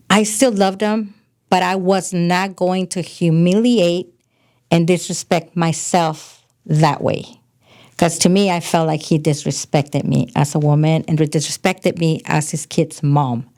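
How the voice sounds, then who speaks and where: A middle-aged woman from California, a podcast guest telling frank, animated stories about her past in casual conversation. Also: fairly low pitch, unhurried. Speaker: podcast guest, host's mother. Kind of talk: casual storytelling chat.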